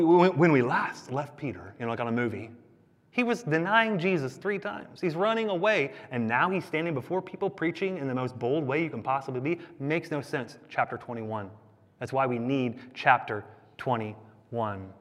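Male pastor, animated conversational sermon, raised pitch, long hall reverb. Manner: animated, conversational, jokey asides.

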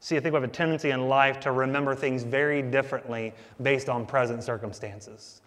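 A man's voice: medium pitch, steady tone, a little fast, hardly any pauses, fairly bright tone. A male pastor delivering a sermon, talking to his listeners as "guys" and asking them rhetorical questions. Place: church sanctuary. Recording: long reverb of a church hall.

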